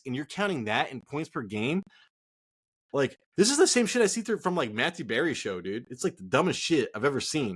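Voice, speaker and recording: A fantasy football podcast co-host goes off on a casual rant, swearing heatedly. His voice is on the high side with a breathy edge.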